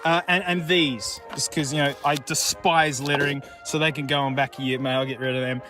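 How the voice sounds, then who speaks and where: An Australian man chatting casually outdoors in remote bushland, rambling excitedly and joking with the things he finds. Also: on the high side, fairly quick, soft background music. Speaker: YouTube host. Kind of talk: casual vlog commentary.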